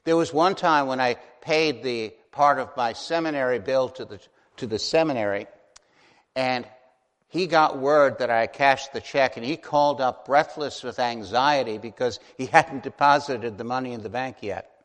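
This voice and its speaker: A man preaching a sermon as a pastor, earnest and gentle, slowing down to stress key phrases. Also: medium pitch. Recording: long hall reverb.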